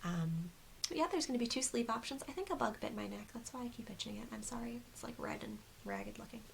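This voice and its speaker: Chatty woman with a gravelly edge. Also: a little high, expressive, fast, slight background noise, rough recording. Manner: chatty, rambling, frequent ums. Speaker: crochet designer and podcast host. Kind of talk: casual video podcast chat. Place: seated at home on camera.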